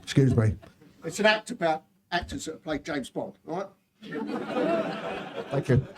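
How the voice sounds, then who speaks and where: Middle-aged comedian, deadpan delivery. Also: male voice, on the high side, a loud crowd. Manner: deadpan storytelling with quick asides to the audience. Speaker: stand-up comedian. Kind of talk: stand-up comedy set. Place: comedy club stage.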